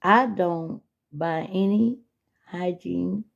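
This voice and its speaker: A woman's voice: lowish voice, extremely slow, vocal fry, dull audio, full character voice. A woman doing her blunt, unbothered girlfriend. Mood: dismissive. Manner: matter-of-fact, stubborn.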